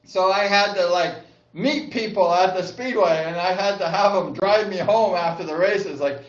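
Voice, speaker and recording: A man's voice: sits high, normal speed, recorded from a distance. An older man from Southern California telling casual, rambling stories about his past, often saying "like" and laughing. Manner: rambling, says "like" a lot, laughs often, excitable yells. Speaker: vlogger, former speedway rider. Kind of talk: casual reminiscing monologue. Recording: echoey room, slightly dull sound.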